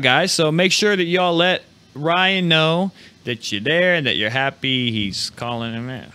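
A man hosting a live video podcast, talking loosely and excitedly, swearing freely. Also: fairly high pitch, unhurried, clear, resonant tone. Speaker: podcast host. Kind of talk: casual live podcast chat.

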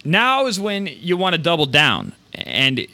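An unhurried man with a higher voice hosts a live show, offering energetic, laid-back encouragement about running a print business while rambling, restarting, and swearing sometimes. There is no echo.

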